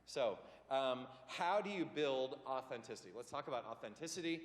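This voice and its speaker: A man's voice: mid-range voice, expressive, normal speed. A man leading a church leadership class in a loose, rambling teaching style, full of ums and self-corrections. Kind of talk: casual teaching talk. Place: church meeting room. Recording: roomy hall with long reverb.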